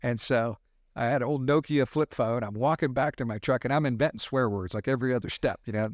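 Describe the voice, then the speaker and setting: A middle-aged man, a podcast guest, telling animated hunting stories with sound effects in casual talk. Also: medium pitch, quick pace, no echo, clean studio sound. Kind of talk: casual storytelling.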